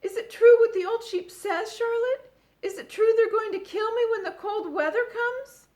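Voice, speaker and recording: A woman voicing a young male pig who wails and sobs in high, shrieking cries. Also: normal speed, darkish tone. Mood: terrified.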